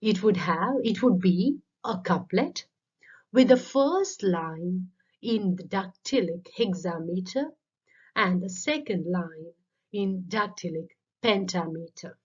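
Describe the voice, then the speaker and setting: A woman's voice: fairly low pitch, slow pace, husky. A woman giving a methodical lecture on literature, explaining terms step by step as a voice-over. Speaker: literature teacher. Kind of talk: scripted lecture narration. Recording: dull lo-fi voice-over.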